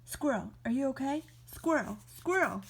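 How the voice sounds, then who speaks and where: A woman's voice: high voice, expressive, moderate pace, creaky, slightly rough, heavily acted. A woman voicing an anxious storybook bird, fretful and worried for a friend.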